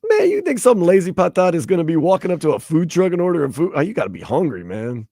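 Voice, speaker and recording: A male sports radio host talking through headlines in a casual, chatty way. His pitch swings widely as he goes, and the studio sound is dry and close. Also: quick pace, vocal fry, dry recording. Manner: chatty, animated, acts out quoted people in raised voices.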